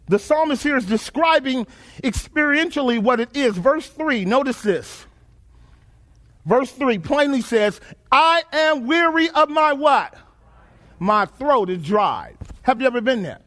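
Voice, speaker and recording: High-voiced emphatic man preaching. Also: sing-song, measured pace, fairly bright tone. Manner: emphatic call-and-response preaching, repeating phrases. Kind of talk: sermon.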